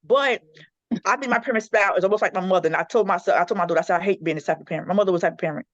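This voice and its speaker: Fast-talking mother telling a lively story. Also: on the low side, no echo. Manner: animated storyteller acting out her kids' quarrels. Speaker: panelist. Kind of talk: casual podcast chat. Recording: dull lo-fi recording.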